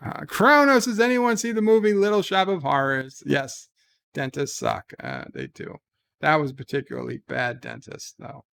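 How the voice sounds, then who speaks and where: A man hosting a casual livestream from home, reading viewer messages aloud and answering them with animated emphasis. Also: on the high side, measured pace, creaky, smooth. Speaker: livestream host reading chat. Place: home, talking from bed.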